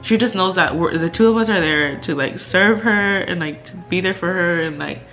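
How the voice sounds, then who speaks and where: Young adult woman vlogger, frank and chatty, slightly low pitch, casual home talk. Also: normal speed, a bit bright, faint music behind. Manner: chatty, candid, full of fillers and laughter. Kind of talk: casual chat. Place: indoors at home.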